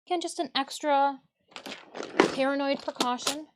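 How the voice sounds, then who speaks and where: A woman's voice: high voice, fairly even intonation, normal speed, very noisy. A woman from Michigan, a cosplayer streaming as she builds a costume, chatting casually with her viewers, muttering to herself and laughing often. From Michigan, USA. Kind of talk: casual livestream chat while crafting. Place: indoor craft workspace.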